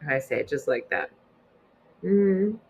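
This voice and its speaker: A middle-aged woman hosting a casual livestream chat, playful and teasing with deadpan asides. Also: lowish voice, unhurried, slight background noise. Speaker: host.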